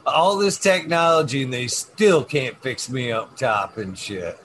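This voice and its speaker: A man's voice: mid-range voice, measured pace, a bit bright, slight background noise. A man chatting and laughing with friends, rambling and swearing. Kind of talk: casual chat among friends.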